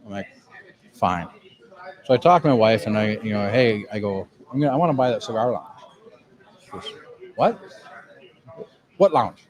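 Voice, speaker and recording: A man's voice: fairly low pitch, animated, a little fast, long pauses, a crowd in the background, low-quality recording. A man, a cigar lounge owner telling a rambling, profane, self-mocking story in a lounge. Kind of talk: casual storytelling.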